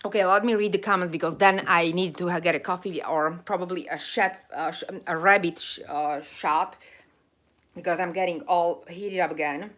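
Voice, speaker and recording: A woman's voice: lowish voice, steady tone, moderate pace, a bit bright. A woman hosting a live stream who gets emotional and heated, speaks with a noticeable accent and breaks off to read her viewers' chat. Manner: emotional, ranting, speaks with an accent she calls funky. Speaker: livestream host reading viewer chat.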